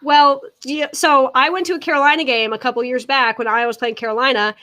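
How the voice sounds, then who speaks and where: A young woman, a podcast guest, telling an animated story in casual chat, with lots of fillers. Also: high voice, brisk.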